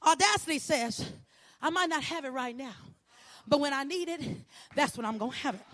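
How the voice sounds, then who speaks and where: A woman preaching an impassioned sermon, building repeated lines into ringing shouts. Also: high-pitched, expressive, fairly quick. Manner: rhythmic repetition, building to shouts.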